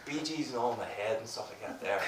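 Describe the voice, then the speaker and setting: A man's voice: medium pitch, fast talker, crowd noise. Young Northern Irish male comic, crude self-mocking patter; distant roomy live recording, audience laughs behind. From Northern Ireland. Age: 20s. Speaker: stand-up comedian. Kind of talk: stand-up comedy set. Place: comedy venue with a live audience.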